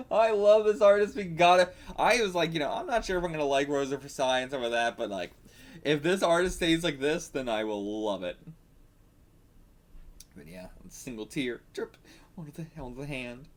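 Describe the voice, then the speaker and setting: A man hosting a reaction channel, chatting casually and in an animated way as he reads through a manga. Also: a little high, moderate pace.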